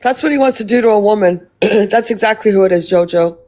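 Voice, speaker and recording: A woman's voice: mid-range voice, a little fast, dark tone. A woman host on a livestream, indignantly condemning someone. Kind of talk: livestream commentary.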